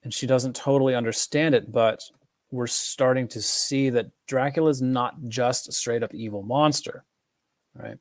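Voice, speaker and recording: A man's voice: medium pitch, moderate pace, no echo. Man, casual film commentary, rambling with restarts, dry close sound. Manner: rambling, many fillers and restarts. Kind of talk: casual film analysis talk.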